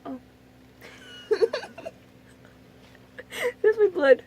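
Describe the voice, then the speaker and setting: Chatty high-voiced young woman vlogger. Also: sing-song, extremely slow, mellow, slight background noise. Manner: chatty, dramatic, lots of "like" and "oh my God". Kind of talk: casual vlog storytelling.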